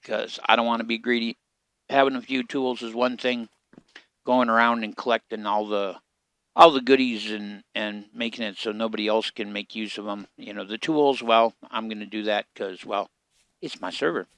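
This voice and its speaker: Gravelly man narrating his gameplay. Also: lowish voice, moderate pace, no echo. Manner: relaxed, muttering to himself while playing. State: hiccups. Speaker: game streamer. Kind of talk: casual gameplay commentary.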